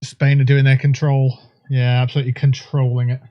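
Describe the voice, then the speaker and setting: A man's voice: medium pitch, brisk, muffled recording. A man hosting a game livestream, riffing in a profane, jokey way. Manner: profane, jokey, bursts into excited whoops. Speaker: livestream gamer host. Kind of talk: casual gameplay commentary.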